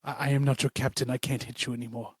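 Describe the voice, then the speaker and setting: A man's voice: medium pitch, level tone, fast talker, breathy edge, dry recording, clean studio sound. A man playing a tabletop game, trading sarcastic banter in stiff, formal phrasing. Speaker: player. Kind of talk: casual in-character banter.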